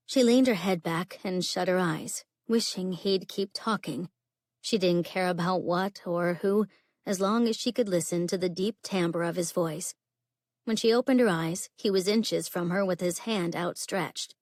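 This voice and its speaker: A woman narrating a contemporary romance audiobook in a steady, even storytelling voice. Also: lowish voice, unhurried, dry recording, clean studio sound. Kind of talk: scripted narration.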